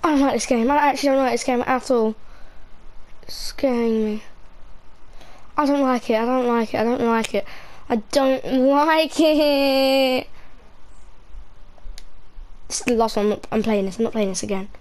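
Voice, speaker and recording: A woman with a slightly high voice talks through a horror game in a jittery way. Her lines tumble out in short, repeated bursts whenever the game frightens her. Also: steady tone, racing, few pauses, darkish tone, low-quality recording. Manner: jittery, repeating itself when scared. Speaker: gamer. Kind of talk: horror game let's-play commentary.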